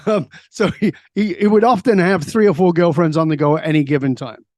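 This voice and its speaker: A middle-aged man, a guest on an interview, telling stories in a lively way and answering his own questions. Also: fairly high pitch, fairly quick, no echo. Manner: lively storyteller who asks himself questions and answers them. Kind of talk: storytelling in a conversational interview.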